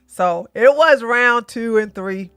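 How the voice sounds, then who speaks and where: A woman's voice: fairly high pitch, slow, fairly bright tone, clear, resonant tone, no echo, clean studio sound, faint music behind. A woman in her forties hosting a livestream, blunt and joking as she comments and tells stories. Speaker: livestream host. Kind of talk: casual commentary and storytelling.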